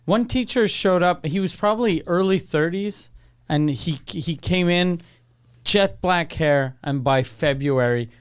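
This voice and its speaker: A man co-hosting a casual podcast, telling a story with animation and frequent laughter. His voice is smooth and clean and sits slightly high. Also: unhurried. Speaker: podcast co-host. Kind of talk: casual chat.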